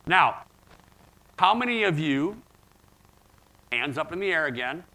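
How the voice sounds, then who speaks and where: A man's voice: fairly high pitch, big pitch swings, measured pace, pushed and bright, poor audio. A man in his forties giving a conference keynote, telling stories and putting questions to the audience. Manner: storytelling, engaging audience with questions. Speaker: keynote speaker. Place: conference event room.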